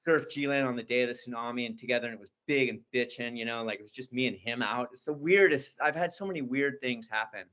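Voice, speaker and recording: 60s guy, excited storyteller, keeps restarting sentences, kinda dull lo-fi audio. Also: mid-range voice, quick pace, hardly any pauses. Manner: enthusiastic, rambling with restarts. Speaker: guest. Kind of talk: casual storytelling.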